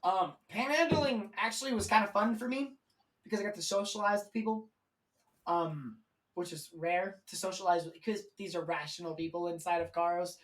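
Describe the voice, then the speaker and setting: A man's voice: sits high, normal speed, a bit bright, distant mic, poor audio. A man speaking as a guest on a live stream, telling his story in a candid, rambling way with plenty of swearing.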